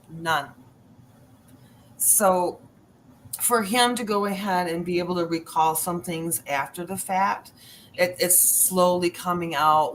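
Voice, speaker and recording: A woman with a somewhat low voice spins a story, and she acts out the voices of the people in it as she goes. A faint hiss sits under the recording. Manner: animated storyteller acting out quotes. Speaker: guest. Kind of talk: storytelling on a paranormal podcast.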